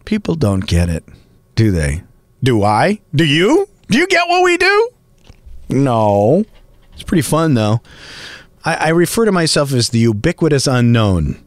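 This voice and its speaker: A middle-aged man hosting a podcast, talking in a chatty, rambling, animated way. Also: medium pitch, unhurried, dry recording. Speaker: podcast host and voice actor. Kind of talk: casual podcast monologue.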